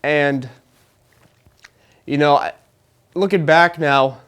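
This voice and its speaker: This young college-aged host speaks slowly in a higher, fairly bright voice that is clear and resonant. He gives a rambling, jokey stand-up monologue at a live show, laughing through his lines for the audience.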